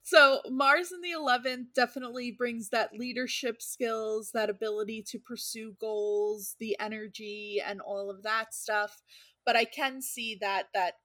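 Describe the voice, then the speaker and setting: A woman co-hosts a casual podcast chat about astrology. Her tone is bright and forceful, and she laughs easily and reads horoscope text aloud. The sound is dry and close, with no room echo. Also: a little high, fairly even intonation, unhurried. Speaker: podcast co-host.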